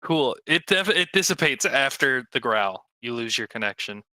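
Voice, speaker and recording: A man's voice: mid-range voice, normal speed, dry recording. A man running a tabletop game as game master, talking with frequent fillers. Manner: animated, lively delivery with frequent fillers.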